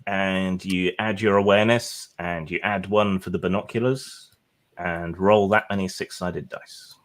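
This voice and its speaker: A man as game master, narrating a tabletop role-playing game in an unhurried, descriptive way with occasional fillers. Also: low-pitched, steady tone.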